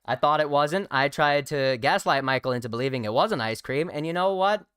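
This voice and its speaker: A man's voice: fairly high pitch, brisk, a bit bright, clear, resonant tone, no echo, studio quality. A young man co-hosting a casual livestream, joking and rambling with lots of fillers. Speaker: co-host.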